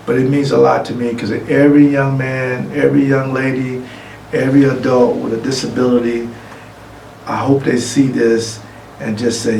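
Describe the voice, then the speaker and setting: A middle-aged man giving an award acceptance speech, telling a lively anecdote and acting out other people's lines. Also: medium pitch, normal speed, gravelly. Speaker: award honoree. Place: room, recorded for a virtual gala. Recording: echoey room, distant mic, faint noise.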